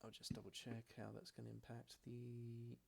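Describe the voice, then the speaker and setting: A man as game master, narrating a tabletop game in steady description with frequent fillers. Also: mid-range voice, moderate pace, vocal fry.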